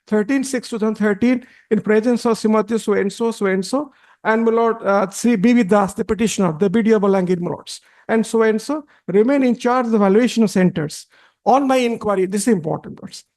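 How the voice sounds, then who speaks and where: Halting, deferential advocate. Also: male voice, sits high, a little mellow. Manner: halting, deferential, constantly repeats "my lords". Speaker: advocate arguing before a judge. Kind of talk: courtroom argument.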